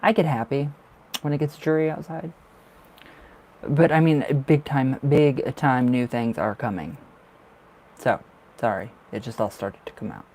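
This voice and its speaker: A man's voice: mid-range voice, unhurried, long pauses, a little mellow, slight background noise. A man giving live tarot readings on a stream, chatty and reassuring, full of fillers and emotion. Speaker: tarot reader.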